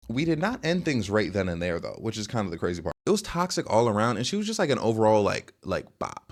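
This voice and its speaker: A young man hosting a podcast, telling his own dating stories in a rambling, casual way with lots of fillers. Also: fairly low pitch. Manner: rambling, animated, many fillers. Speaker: podcast host. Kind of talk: casual storytelling.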